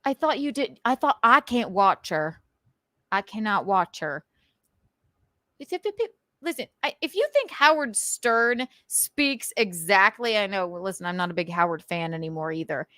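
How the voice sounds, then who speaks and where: A woman host with a transatlantic accent, ranting casually about online comments with crisp enunciation and goofy, theatrical outbursts. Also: medium pitch, animated, normal speed, a bit bright, no room sound, clean studio sound. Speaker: show host.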